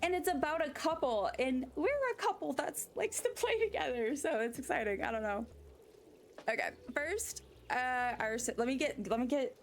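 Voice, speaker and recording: A woman's voice: high-pitched, animated, moderate pace, slight background noise. A woman streaming a game, chatting casually and rambling off on tangents while she answers her chat. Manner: rambling, easily sidetracked chatter; reads chat aloud and answers it.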